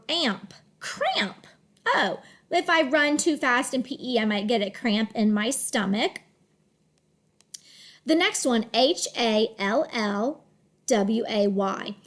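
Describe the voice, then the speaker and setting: A woman teaching a children's phonics lesson, slowly and deliberately sounding out words. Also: high voice.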